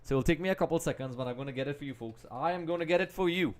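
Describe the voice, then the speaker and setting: A man hosting a live football watch-along, chatting straight to viewers and often dropping into quiet mutters while he multitasks. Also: fairly high pitch, racing. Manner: distracted, multitasking while commenting; trails off into quiet mutters and restarts. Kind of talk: casual live match commentary.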